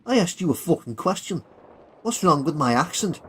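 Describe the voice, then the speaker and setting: A brash, swearing Liverpool squaddie, as a male storyteller puts him on, pitched high and loud with open insolence. His temper flares fast in this war audiobook. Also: very animated, a little hiss or hum. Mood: cheeky, combative. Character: foul-mouthed hot-tempered Liverpool soldier.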